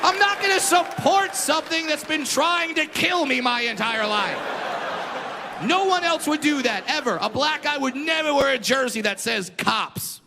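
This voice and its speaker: A man from Southern California doing a stand-up comedy set on stage, telling stories in a brash, profane, animated way. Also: very high-pitched, normal speed, long reverb tail, a crowd in the background. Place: comedy stage before an audience. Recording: live set with clear background noise.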